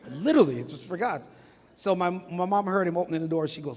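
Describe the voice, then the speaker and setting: Man preaching, high voice, long church reverb, middle-aged, from Jamaica, animated storyteller. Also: fairly quick. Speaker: pastor. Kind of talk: sermon. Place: church sanctuary.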